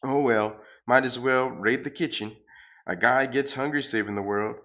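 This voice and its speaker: A man voicing a goofy, boastful male space surfer hero who talks in an excitable, mock-heroic way. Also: medium pitch, moderate pace, muffled recording, close to an everyday voice.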